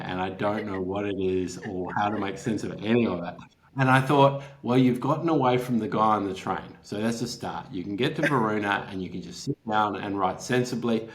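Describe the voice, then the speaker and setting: A man's voice: lowish voice, moderate pace. A man, a writer, telling an anecdote as a guest, laughing often and acting out the quotes. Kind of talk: anecdotal storytelling in an interview.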